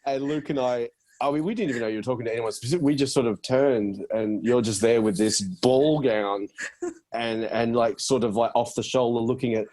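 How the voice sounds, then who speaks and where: A man with an Australian accent, a podcast guest in casual chat, telling stories in a quick, self-deprecating way. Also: medium pitch, a little mellow.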